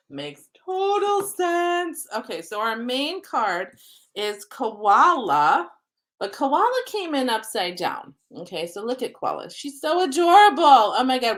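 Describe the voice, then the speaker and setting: A woman's voice: mid-range voice, a bit bright. Chatty woman doing a livestream card reading. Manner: chatty, rambling, frequent ums; spiritual, upbeat. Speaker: oracle card reader and soul coach. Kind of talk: live-streamed card reading.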